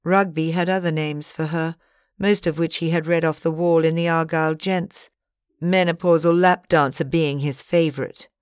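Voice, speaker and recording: A woman narrates an audiobook in a measured, even storytelling voice. Her voice sits low, and the recording is dry and close with no room echo. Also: clean tone. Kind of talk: scripted narration.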